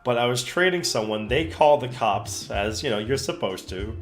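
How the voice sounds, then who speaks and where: A young man streaming from home, casually telling a story and acting out the other people's voices with big pitch jumps. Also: normal speed. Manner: animated, acts out quotes with pitch jumps. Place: home room. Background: soft background music.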